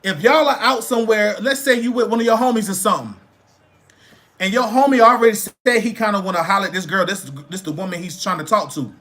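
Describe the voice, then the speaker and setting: A man hosts a livestream in a casual rant, lecturing his viewers bluntly and profanely and repeating phrases for emphasis. His voice is high-pitched and fairly bright, and he talks at a quick pace.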